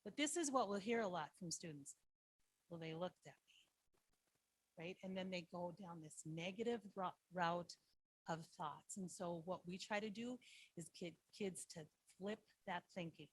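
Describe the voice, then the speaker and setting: A woman's voice: fairly low pitch, moderate pace, breathy edge. A woman, a school social worker, giving a presentation to foster parents and quizzing her listeners with frequent "right?". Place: online meeting.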